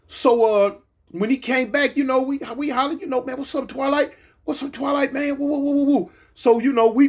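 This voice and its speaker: A man with a high voice tells an old story in a loose, casual way. He is middle-aged and from California. He talks in animated bursts full of fillers and repeats, and often acts out what other people said. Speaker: former gang member telling prison stories.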